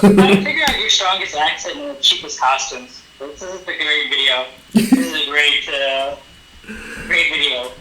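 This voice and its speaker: A man's voice: a little high, moderate pace, reverberant, over a noisy crowd, low-quality recording. A man co-hosting a casual chat, joking and telling stories. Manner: joking, storytelling, laughs often.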